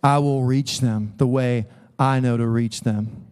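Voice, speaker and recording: A man voicing God as a calm, fatherly figure who corrects him gently and softly. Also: mid-range voice, measured pace, smooth, lightly acted. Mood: gentle. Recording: long hall reverb.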